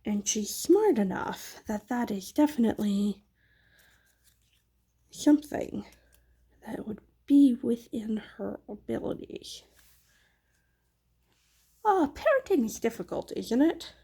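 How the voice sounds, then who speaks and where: A woman's voice: a little high, sing-song, takes it slowly, vocal fry, long pauses, mellow, slightly rough. A woman crafting on her own channel, chatting casually in a rambling, candid and self-deprecating way. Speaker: craft vlogger and mother. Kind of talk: casual chat while crafting.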